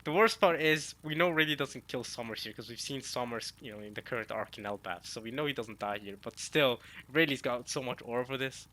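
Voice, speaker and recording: A young man talks through a manga chapter in loose, slangy reaction commentary, often stumbling over his words when he gets excited. His voice sits at a middle pitch with a bright, forward tone. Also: fairly quick, few pauses. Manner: excitable, slangy, many restarts.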